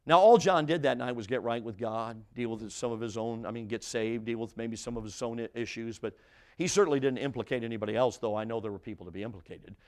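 A man preaching a sermon as a story, repeating phrases and restarting, dropping from loud, emphatic lines to hushed ones. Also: mid-range voice, fast talker. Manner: dramatic, swings from loud to hushed.

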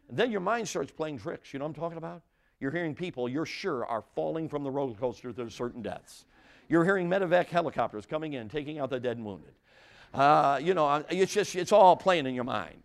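A man's voice: fairly high pitch, brisk, gravelly. An older man preaching a sermon to a congregation, telling a humorous story and often asking the audience questions. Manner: animated, audience-engaging, frequent restarts and asides. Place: church before a congregation.

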